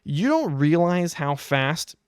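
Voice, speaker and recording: A young adult man hosting a podcast, telling a casual anecdote in a wry, animated way. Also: on the high side, slow pace, clean tone, dry recording, clean studio sound. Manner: animated, wry storytelling with quoted asides. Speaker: podcast host.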